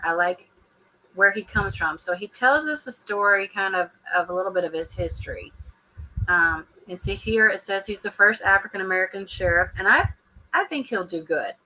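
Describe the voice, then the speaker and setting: A woman talks straight to her viewers in a loose, casual reaction chat. Her voice is bright and forward, and she laughs often between remarks. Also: mid-range voice, rough recording. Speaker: reality TV reaction vlogger.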